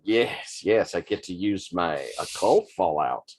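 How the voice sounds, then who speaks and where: A man narrating as game master of a tabletop role-playing game, taking his time over every description. His speech is slow and deliberate, with the odd laugh between rulings. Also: deep voice, lively intonation, a little hiss or hum.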